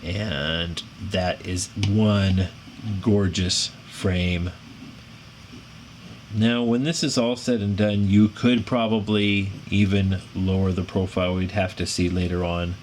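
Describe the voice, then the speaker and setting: Chatty middle-aged american guy building a drone, kinda low voice, noisy background hiss. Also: flat delivery, slow. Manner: rambling, self-deprecating, apologetic, growls when frustrated. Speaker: drone builder reviewing a frame. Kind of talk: casual build tutorial chat. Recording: audible background noise.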